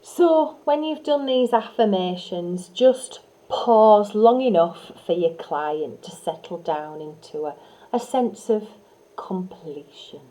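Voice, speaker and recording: A woman teaching hypnotherapy technique in a calm, soothing way, sometimes dropping to soft whispers to demonstrate. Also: mid-range voice, takes it slowly, low-quality recording. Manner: frequent fillers and restarts. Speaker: hypnotherapy trainer. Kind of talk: instructional teaching talk.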